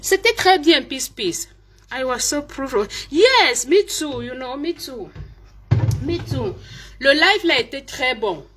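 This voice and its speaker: A woman's voice: high voice, big pitch swings, measured pace, a bit bright. A woman whose first language is French, speaking hesitantly in a casual message and switching between English and French with many fillers. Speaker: vlogger speaking to a fellow live-streamer.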